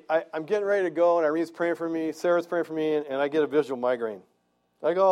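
A man's voice: fairly high pitch, quick pace, darkish tone. Man, pastor, church sermon, earnest, chatty, asks the congregation questions. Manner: earnest, conversational preaching with rhetorical questions.

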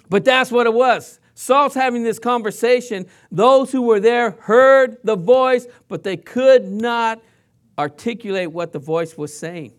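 High-voiced man preaching a sermon. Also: a little slow. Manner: conversational preaching with questions to the congregation; playfully mimics sounds and voices to illustrate points. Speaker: pastor.

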